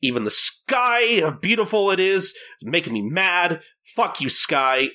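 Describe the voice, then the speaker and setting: A man's voice: sing-song, moderate pace, bright, forceful tone. A man voicing a grumpy, broke young samurai who rants in exasperation. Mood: exasperated. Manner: exasperated ranting, raised pitch.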